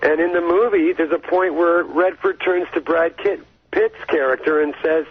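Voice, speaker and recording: A man talks over a tinny phone line, his voice a touch husky and pitched a little high. He gets wound up, rambling and restarting his sentences as he goes. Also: steady tone, moderate pace, few pauses. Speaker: guest. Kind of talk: casual phone-in talk.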